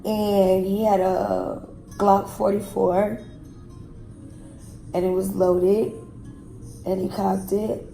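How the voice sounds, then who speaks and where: A woman telling a personal story in an interview, frankly and with pauses and fillers. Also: medium pitch, flat delivery, vocal fry, warm tone. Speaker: guest telling her own story. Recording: echoey room with faint music.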